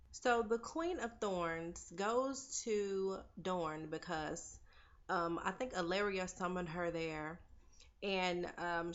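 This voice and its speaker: Chatty woman vlogger with a lowish voice. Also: a bit bright, lo-fi sound. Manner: chatty and opinionated, talks to viewers as "girl" and "y'all". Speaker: TV recap vlogger. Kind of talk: casual chatty episode recap.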